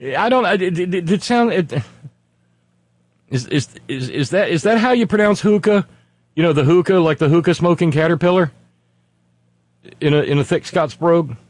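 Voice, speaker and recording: A man's voice: fairly high pitch, lively intonation, normal speed, long pauses, dry recording. A man hosting a comedy talk stream, reading viewer comments with sardonic, profane asides.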